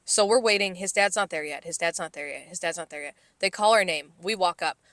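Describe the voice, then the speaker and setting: A woman's voice: lowish voice, brisk, fairly bright tone, no room sound. A woman co-hosting a podcast, telling a story in a casual, exasperated and profane way. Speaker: podcast co-host.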